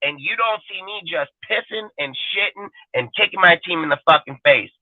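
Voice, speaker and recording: Cussing guy ranting on a stream, kinda high voice, dry phone-y sound. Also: lively intonation, normal speed, no echo, narrow, tinny audio. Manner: profane, blunt and emphatic. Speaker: fan show panelist. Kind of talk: heated live-stream rant.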